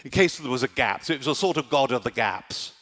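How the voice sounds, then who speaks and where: A man preaching a sermon at a summer camp, animated and rhetorical, often checking in with "do you see?". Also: medium pitch, fast, in a large hall. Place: large conference hall at a summer camp.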